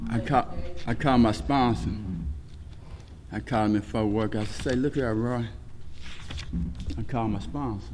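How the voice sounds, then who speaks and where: A man telling his recovery story at a meeting, with rhythmic lists and swings between shouting and hushed talk. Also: medium pitch, measured pace, long pauses. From Texas. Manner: preaching, rhythmic lists, shouts and laughs early, quiet and hushed later. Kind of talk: personal testimony at a speaker meeting. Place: meeting hall. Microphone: podium microphone. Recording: hall reverb, faint noise.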